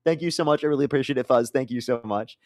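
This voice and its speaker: A man's voice: mid-range voice, very fast, darkish tone, no echo, studio quality. A man hosting a live-stream debate, blunt and profane, pressing his opponent and reading out donor thanks.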